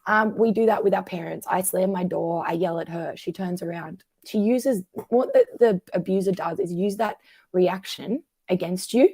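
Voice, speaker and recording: A woman, a coach talking through emotional patterns in a conversational interview, animated and acting out the voices she quotes. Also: fairly low pitch, moderate pace, slightly rough, no room sound. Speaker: guest coach.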